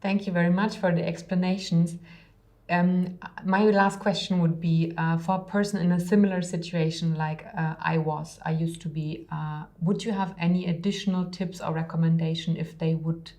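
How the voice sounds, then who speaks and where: Hesitant low-voiced woman interviewer. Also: steady tone, moderate pace, darkish tone. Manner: hesitant, with fillers. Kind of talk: interview questions.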